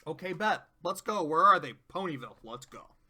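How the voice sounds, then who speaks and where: A man's voice: a little high, lively intonation, moderate pace, bright, forceful tone. A man casually recapping a cartoon episode, rambling, profane, often interrupting himself.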